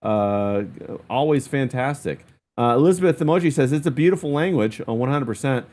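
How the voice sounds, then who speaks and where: A man's voice: medium pitch, animated, brisk, a little mellow. A man hosting a casual livestream, reading viewer comments in a loose, chatty way. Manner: loose and chatty, lots of "uh" and "bro". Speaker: stream host.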